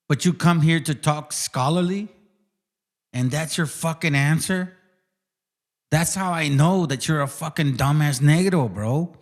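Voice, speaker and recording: Host, male, heated rant; aggressive, mocking delivery in a slightly raised voice. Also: on the high side. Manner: combative, profane, mocking. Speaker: channel host.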